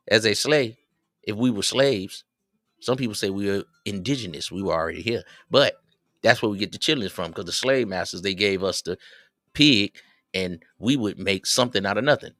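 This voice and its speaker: A man's voice: fairly low pitch, animated, normal speed, vocal fry, fairly bright tone, no echo, studio quality, soft background music. A man hosting a livestream, rambling casually and chatting with his viewers in a streetwise manner. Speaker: livestream host.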